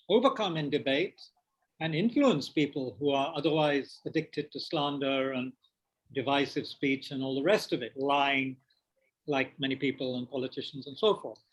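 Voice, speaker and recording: A man's voice: fairly high pitch, husky, rough recording. A man leading a meditation class and taking questions, hesitant, with many fillers and restarts. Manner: speaking with mouth full of biscuits. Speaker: meditation teacher. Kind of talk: teaching a dharma class with questions. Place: meditation centre.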